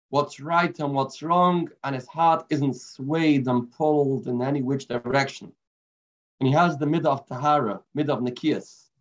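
Rabbi guy teaching his daily class, kinda high voice, muffled lo-fi audio. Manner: earnest, unhurried storytelling teacher. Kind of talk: daily religious lesson with stories. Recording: muffled lo-fi recording.

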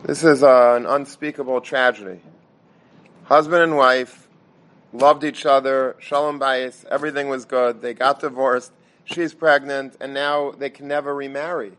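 A man's voice: medium pitch, fairly even intonation, moderate pace, fairly bright tone. A man telling a dramatic religious story, sprinkling in Hebrew and Yiddish terms and often restarting his words. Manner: stammering restarts and repetition.

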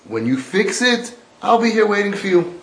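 A man's voice: high-pitched, big pitch swings, normal speed, fairly bright tone, recorded from a distance, voice pushed up, heavily acted. A man voicing a stern, dismissive father laying down the house rules. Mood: taunting. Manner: taunting, dismissive. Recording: roomy echo.

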